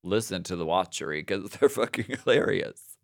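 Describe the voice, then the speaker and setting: A man co-hosting a podcast in casual chat, bantering and animated, loud one moment and muttering the next. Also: deep voice, moderate pace, vocal fry, no room sound, clean studio sound. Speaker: podcast co-host. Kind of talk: casual chat, reading listener emails.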